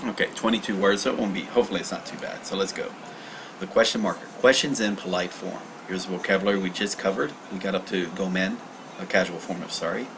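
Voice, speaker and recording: A man with a fairly low voice talks through a study lesson on a casual livestream. He reads passages aloud and explains them, rambling and correcting himself as he goes. A faint hiss sits under the recording. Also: quick pace.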